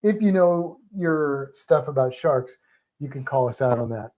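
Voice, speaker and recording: A man co-hosting a livestream, chatting casually with viewers in a rambling, animated way and often breaking off mid-sentence. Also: medium pitch, a little slow. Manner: rambling, self-interrupting, animated storytelling. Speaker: livestream co-host.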